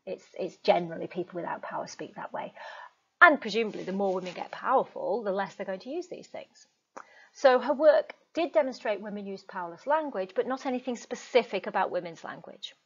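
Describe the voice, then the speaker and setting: A woman's voice: medium pitch, expressive, fairly quick, vocal fry, husky. A woman teacher giving a recorded lecture in a chatty way, with frequent ums and asides. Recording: dull lo-fi recording.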